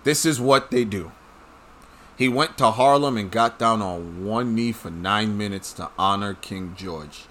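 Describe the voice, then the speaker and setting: Speaking slowly in a fairly bright but lowish voice, this commentator launches into a casual rant aimed directly at his audience. His monologue is blunt, sweary and packed with strong opinions.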